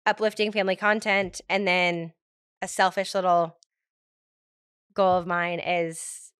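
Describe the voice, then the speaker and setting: Chatty woman guest, soft trailing talk. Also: on the low side, flat delivery, measured pace, smooth, no room sound, clean studio sound. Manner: chatty, lots of "like", trails off softly. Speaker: podcast guest. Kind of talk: casual chat.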